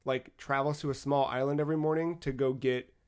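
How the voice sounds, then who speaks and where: A man co-hosting a podcast, telling a travel story in a casual, animated way with frequent swearing. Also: medium pitch, a little fast, clean tone. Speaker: podcast co-host.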